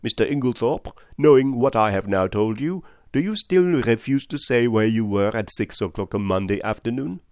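A man's voice: mid-range voice, expressive, normal speed, few pauses, a little mellow, no echo, studio quality, lightly acted. A man voicing a precise, theatrical older male detective with formal, stagey delivery, in an audiobook reading. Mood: pointed.

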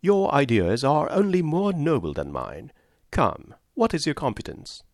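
Man doing a calm clever young lady, lightly teasing, pitched up some. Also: dry recording, studio quality, exaggerated voice. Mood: wry. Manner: measured, lightly wry. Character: sensible, gently teasing young woman.

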